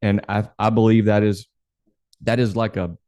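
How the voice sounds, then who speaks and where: A man with a very low, warm voice co-hosts a podcast. He speaks in a relaxed, reflective way and works in scripture and sayings. The sound is dry and close to the mic. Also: normal speed, dry recording. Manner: thoughtful, easygoing, quotes scripture. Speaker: podcast co-host. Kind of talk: casual podcast chat.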